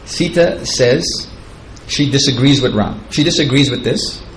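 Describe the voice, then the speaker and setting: A man's voice: mid-range voice, measured pace, slight background noise, low-quality recording. A man giving a devotional lecture, retelling scripture in a chatty, digressive way and chuckling at his own asides. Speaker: spiritual teacher.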